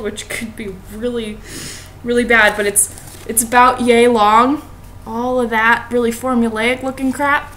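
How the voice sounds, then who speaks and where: A woman's voice: a little high, level tone, a little slow, bright, forceful tone, a little hiss or hum. A young woman, a college student, casually reading a fairy tale aloud with sarcastic, profane asides. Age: young adult.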